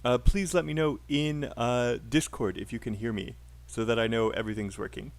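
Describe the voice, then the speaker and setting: A man's voice: medium pitch, fairly even intonation, normal speed. A man with a British accent teaching a live online English pronunciation class, upbeat and encouraging with frequent fillers.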